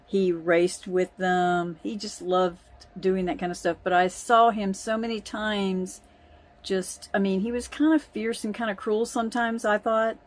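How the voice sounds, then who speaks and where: A woman's voice: medium pitch, fairly even intonation, a little slow. A woman telling a family story in a chatty way, often breaking into laughter. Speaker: vlogger. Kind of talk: casual storytelling.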